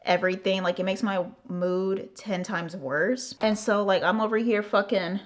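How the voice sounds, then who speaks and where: A young woman from the United States telling a casual storytime on her channel, animated and swearing freely, acting out the other person's lines and padding her talk with "like". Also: mid-range voice, moderate pace. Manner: animated, swearing, acting out quotes, frequent "like" fillers. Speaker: vlogger.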